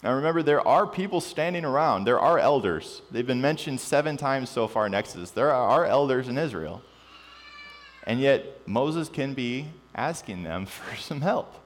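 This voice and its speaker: A man preaching a sermon, animated and joking at times, then dropping to quiet emphasis. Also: mid-range voice, moderate pace. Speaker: pastor. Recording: long reverb with mains hum.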